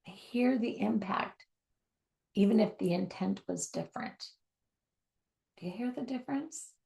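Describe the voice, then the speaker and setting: A woman giving a spoken teaching on communication, emphatic and repetitive for stress, sometimes dropping to a soft near-whisper. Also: medium pitch, unhurried, creaky.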